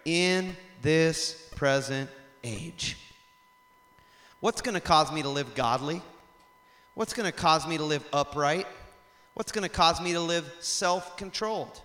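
A man preaching a sermon in a lively storytelling way, rising to loud emphatic passages. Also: on the high side, slow, long pauses. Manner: animated storytelling, acts out shouts and laughs. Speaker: pastor. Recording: long hall reverb.

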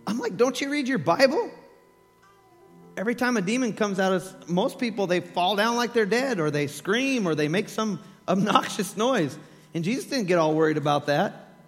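A man preaches with a high, lively voice, acting out the story as he tells it. His words ring with long reverb through a church hall, with faint music underneath. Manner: animated storytelling, acts out voices, laughs. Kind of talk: sermon.

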